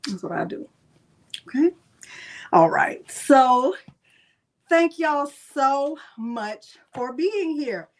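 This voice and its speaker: Greeting each viewer individually, a woman with a high voice chats playfully during her casual crafting livestream. Her delivery is sing-song and slow, with frequent pauses.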